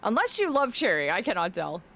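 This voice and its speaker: Woman streamer talking to chat, warm pet names, bouncy pitch, voice cracks sometimes. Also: huge pitch swings, brisk. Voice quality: voice cracks now and then. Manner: affectionate, reads chat aloud, often laughs. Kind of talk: casual live-stream chat.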